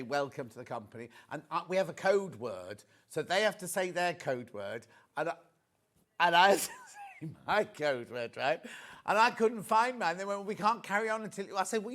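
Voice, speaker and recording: Chatty man in his sixties, lively pitch. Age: 60s. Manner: chatty, anecdotal, animated storyteller. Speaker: shopping channel presenter. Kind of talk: live TV shopping chat. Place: TV studio.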